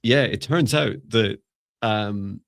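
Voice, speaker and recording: A man with a low, gravelly voice chats on a live stream, rambling and musing and breaking into laughter. The sound is dry and close, with no room echo. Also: slow. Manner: rambling, musing, laughs often, self-correcting. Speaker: psychic mentor and live show co-host. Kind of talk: casual live-stream chat.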